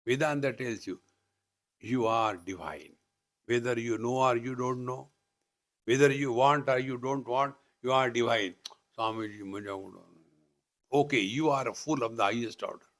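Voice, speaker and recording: A man speaking Indian-accented English leads a live spiritual discourse at a retreat hall, mixing his teaching with playful teasing and chanting. He talks at a normal speed in a mid-range, slightly bright voice.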